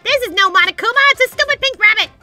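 A woman's voice: very high-pitched, lively intonation, rapid-fire, pushed and bright, soft background music, pitched above the performer's own voice, exaggerated voice. Woman doing a teasing bear headmaster. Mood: indignant. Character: mocking bear headmaster, mischievous and theatrical.

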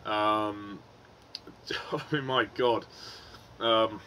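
A man's voice: on the low side, fairly even intonation, very slow, sharp tone, a little hiss or hum. A man giving a frustrated, swearing film review, with many ums and restarts.

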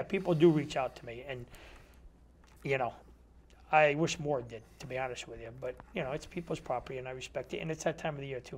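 A man who is a metal detectorist, a guest in a casual interview chat in a TV studio, telling stories, acting out dialogue and using many fillers. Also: mid-range voice. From Connecticut. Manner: storytelling, acts out quoted dialogue; chatty, many fillers like "you know". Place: community TV studio.

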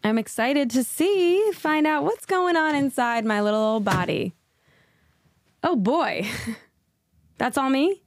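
A woman's voice: sits high, lively intonation, slow, pauses often, dry recording, full character voice. An actress playing an oblivious, self-absorbed female wellness show host in a scripted comedy, talking in an airy, rambling way.

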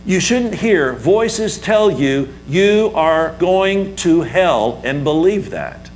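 Male pastor, emphatic sermon delivery with call-and-response, slow and swooping in pitch, faint hum on the recording. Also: lively intonation, rough recording.

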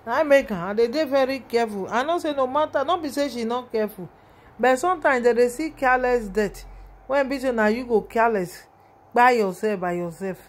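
A woman's voice: fairly high pitch, brisk. A woman with a Nigerian accent giving an emotional, rambling vlog commentary on a video, often calling out to her viewers.

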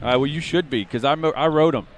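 Joking high-voiced male sports co-host. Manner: joking, playful, quick with wisecracks. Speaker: co-host of a fan sports podcast. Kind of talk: pregame sports broadcast banter.

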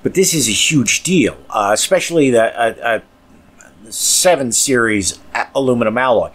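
A man's voice: mid-range voice, lively intonation, normal speed, fairly bright tone. A man hosting a podcast, talking in a casual, rambling way with crude language and mumbled asides. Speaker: podcast host.

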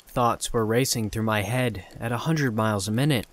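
A man narrating a scripted horror story in a calm, measured way. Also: lowish voice.

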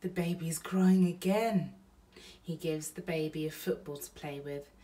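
A mother reading a bedtime storybook aloud to her baby in a slow, gentle pace. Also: sits low, steady tone, recorded from a distance.

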